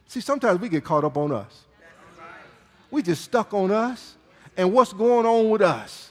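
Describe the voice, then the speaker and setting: A man's voice: sits high, lively intonation, moderate pace, pushed and bright. A male pastor preaching a sermon in a dramatic, emphatic way, with sudden swings in volume. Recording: long reverb in a large hall.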